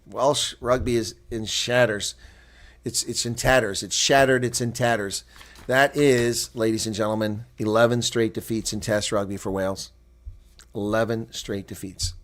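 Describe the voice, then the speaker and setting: A man doing live play-by-play and reaction for a rugby match, who builds to shouting on big plays, then drops to relaxed, chatty talk and replies to viewer chat. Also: fairly low pitch, normal speed. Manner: reads out and answers viewer chat.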